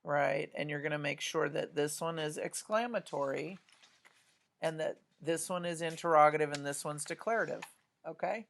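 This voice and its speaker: A woman's voice: sits low, moderate pace, creaky. A woman art teacher talks students through a drawing demonstration, chatty and often checking in with "right?".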